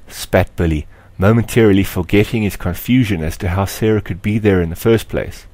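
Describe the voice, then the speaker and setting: A man with a low voice narrates a story in a measured, expressive audiobook style. The recording is dry and close, with no room echo. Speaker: author reading his story.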